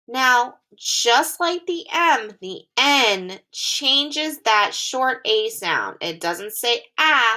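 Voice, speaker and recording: A woman teacher giving a phonics lesson to young children, speaking slowly and clearly in a sing-song way. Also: fairly high pitch, very animated, bright, forceful tone.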